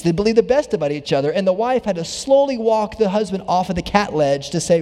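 Preaching conversationally in a church sanctuary, a male pastor mixes in dry, self-deprecating humor and easygoing asides. His voice is high-pitched, warm and animated, a little fast with few pauses, and the sound carries the feel of a large hall.

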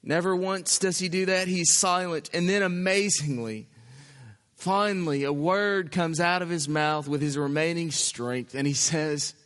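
Man, pastor, sermon, emphatic short phrases, long hall reverb. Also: sits high. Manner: slow, emphatic preaching in short phrases, dropping to hushed.

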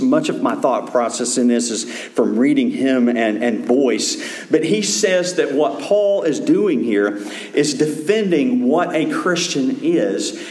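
A man pastor delivers a sermon in a loose, conversational way, often stopping and restarting his sentences as he works through scripture. His voice sits at an ordinary middle pitch and carries a roomy echo from the space around him. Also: a little mellow. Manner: conversational preaching with many restarts.

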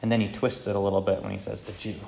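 A man's voice: fairly low pitch, little pitch movement, very fast, vocal fry, mellow, slight background noise. A man preaching a sermon as pastor, earnest and conversational, with occasional hesitations. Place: church.

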